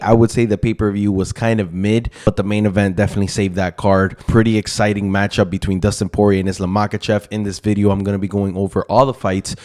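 A man's voice: on the low side, darkish tone. A man giving a casual, opinionated breakdown of fight results, chatty with frequent ums and asides. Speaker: MMA YouTuber.

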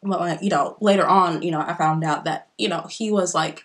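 A young woman chats through a get-ready-with-me vlog. Her voice sits a little low, and she talks in an expressive, confiding way, straight to her viewers. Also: a little fast. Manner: chatty and expressive, addresses viewers as y'all. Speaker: beauty vlogger. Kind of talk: casual get-ready-with-me chat.

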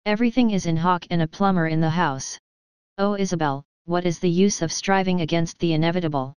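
A woman's voice: on the low side, brisk, a little mellow, clear, resonant tone, dry recording, close to an everyday voice. A woman reading a gloomy henpecked king. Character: weary henpecked comic king, ready to quit. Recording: dry, slightly dull lo-fi.

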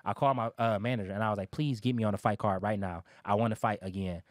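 A man's voice: fairly low pitch, fairly even intonation, fast, no echo, studio quality. A man in his thirties telling his life story in a casual interview, candid and emphatic, swearing freely.

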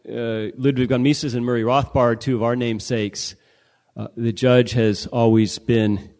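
A man hosts a session at a conference and introduces the next speaker. His voice sits at a middling pitch, and he speaks in an earnest, admiring way. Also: darkish tone. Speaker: event host introducing the speaker. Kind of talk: formal introduction. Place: large conference hall.

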